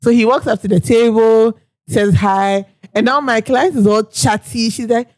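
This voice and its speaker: A young woman, co-hosting a podcast and telling an anecdote in casual chat, animated and quick to laugh as she acts out what people said. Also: on the high side, no echo. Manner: animated, laughing often, acting out quoted people. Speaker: podcast co-host.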